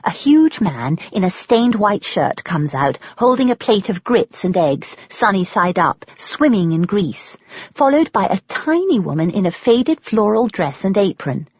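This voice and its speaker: Wry English woman narrating lively. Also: medium pitch, unhurried, breathy edge, dry recording. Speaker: audiobook narrator. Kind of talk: scripted first-person narration. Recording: dull, lo-fi, dry.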